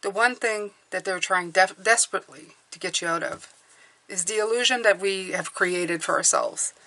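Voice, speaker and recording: A woman's voice: mid-range voice, moderate pace, pushed and bright. A woman reading tarot cards for her viewers, talking earnestly and encouragingly, often checking in with "okay?". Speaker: tarot reader.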